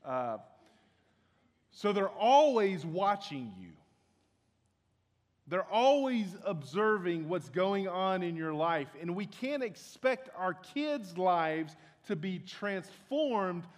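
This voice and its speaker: A man's voice: sits high, animated, slow. A young man preaching a sermon as pastor, earnest and conversational, often restarting his sentences. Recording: long hall reverb.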